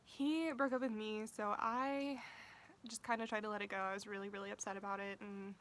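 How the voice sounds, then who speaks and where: A young woman vlogger telling a casual storytime, talking fast and swearing freely, saying "like" all the time. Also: medium pitch, steady tone, a bit bright, poor audio. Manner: profane, fast-talking, uses "like" constantly.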